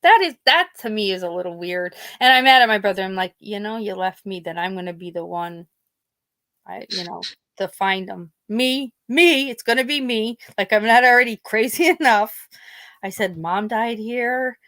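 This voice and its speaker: A woman podcast host with a Pennsylvania accent speaks at a normal speed in a mid-range, fairly bright voice with no echo. She chats casually, telling rambling family stories and acting out what her relatives said.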